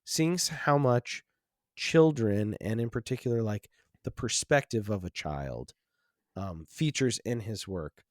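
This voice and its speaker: A man's voice: fairly low pitch, animated, measured pace, no echo, clean studio sound. A man hosting a film podcast, talking casually and reflectively with lots of restarts and "like"s. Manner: rambling, many restarts and fillers, reflective. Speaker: podcast host.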